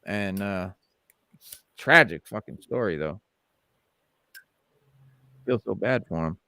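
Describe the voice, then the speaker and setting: Low-voiced man rambling on a podcast. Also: lively intonation, slow, pushed and bright, no room sound, clean studio sound. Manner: loose and rambling, full of "like" and "uh". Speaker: podcast host. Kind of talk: casual podcast chat mixed with read-out commentary.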